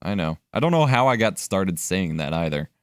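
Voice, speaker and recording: A man's voice: deep voice, very animated, moderate pace, clean tone, dry recording, studio quality. A young man chatting casually while editing on a live stream, thinking aloud and swearing now and then. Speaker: livestreamer editing video.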